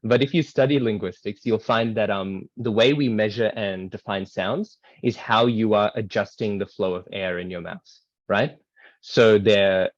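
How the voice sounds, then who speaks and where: A man with a fairly low voice teaches a scripture class over a video call, explaining points loosely with frequent fillers and "right?" checks. The sound is dull and dry, like call audio. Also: no echo. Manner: explanatory, many ums and rights, asides. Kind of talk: casual online class lecture.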